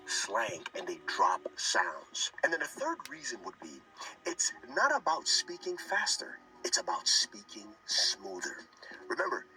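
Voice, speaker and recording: A man with a lowish voice and a lively, swinging delivery teaches how to say common phrases quickly. He repeats each phrase over and over as a drill. He sits back from the mic, with clear music playing underneath. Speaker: English accent teacher. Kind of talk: lesson on fast American English. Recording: distant from mic with music behind.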